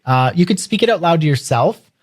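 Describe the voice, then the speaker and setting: A man co-hosting a podcast, talking in an energetic, emphatic way. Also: a little high, brisk. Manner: energetic, emphatic, acts out quotes. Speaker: podcast co-host. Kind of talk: casual podcast chat.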